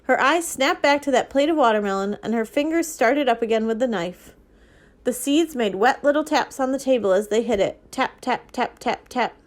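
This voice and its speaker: A woman, a librarian, reading a children's novel aloud in a steady, expressive way. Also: fairly high pitch, brisk. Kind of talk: storybook reading.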